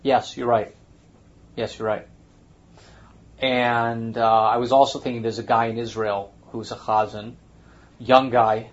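A man's voice: medium pitch, little pitch movement, unhurried, long pauses. A man hosting a casual chat, thinking aloud as he talks. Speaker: podcast host. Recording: muffled lo-fi recording.

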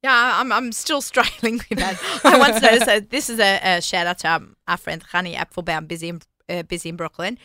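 A woman's voice: medium pitch, steady tone, brisk, few pauses, pushed and bright, no echo, clean studio sound. An Australian woman hosting a casual podcast chat, chatty and self-deprecating, laughing often. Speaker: host.

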